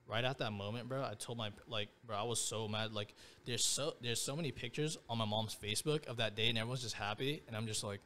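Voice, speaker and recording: A man's voice: fairly low pitch, quick pace, hardly any pauses, sharp tone, a little hiss or hum. A man in his twenties, a podcast guest, telling a personal story in casual slang, leaning on "bro" and "like".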